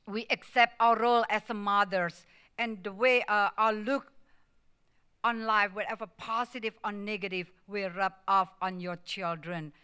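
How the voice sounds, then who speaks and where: Lady preaching in church, bright clear voice, broken english, really emotional storytelling. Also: medium pitch. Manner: acts out quoted voices in the story. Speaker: guest speaker at church. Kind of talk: Mother's Day sermon.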